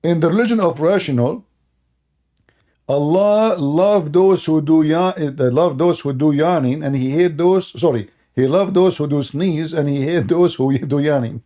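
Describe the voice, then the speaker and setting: Sarcastic man with a higher, mellow voice. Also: a little slow. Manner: sarcastic, mocking, laughs at own points; broken, non-native English grammar. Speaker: online religion critic. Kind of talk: mocking commentary monologue.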